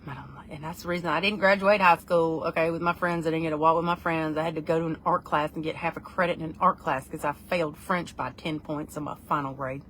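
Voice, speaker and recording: A woman rambles through a relaxed live chat with her viewers and pokes fun at herself as she goes. Her tone is bright and a little sharp. Faint ambient sound sits under her voice. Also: low-pitched, fast talker, hardly any pauses, a little hiss or hum. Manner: chatty, rambling and self-deprecating. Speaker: livestream vlogger.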